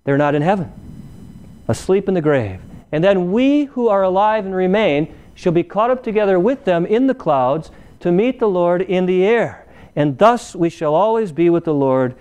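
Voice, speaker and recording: A man's voice: high voice, expressive, moderate pace, darkish tone, clean tone. A man preaching a sermon in a conversational way, often tossing questions to the congregation. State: recovering from illness.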